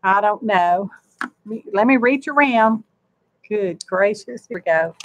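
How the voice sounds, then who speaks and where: A woman's voice: mid-range voice, measured pace. A woman, chatting homily and rambling to her viewers as she works through a live craft demonstration. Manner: homey, rambling, talks to herself and viewers while working. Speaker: crafting channel host.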